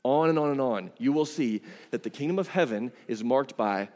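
A man's voice: mid-range voice, animated, normal speed, a little mellow, big-room sound. A man preaching a sermon as pastor, conversational and emphatic, with casual asides. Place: church sanctuary.

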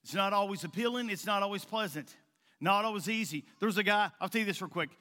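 A male pastor preaching in a folksy, rambling way, at times dropping to a soft coaxing tone. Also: sits high, quick pace. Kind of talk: sermon. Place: church sanctuary. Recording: long hall reverb.

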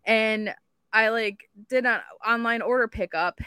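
A woman's voice: fairly high pitch, unhurried, clear, resonant tone, no room sound, studio quality. Chatty woman telling a rambling story. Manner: animated storytelling, lots of "like", swears. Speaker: podcast co-host. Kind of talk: casual chat.

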